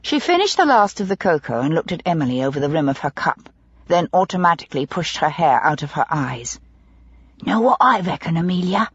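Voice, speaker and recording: A woman narrates a mystery audiobook in a measured, even manner. Her voice is husky and close. The recording is dry and dull, with a lo-fi edge. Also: sits low, dry recording. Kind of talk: scripted narration.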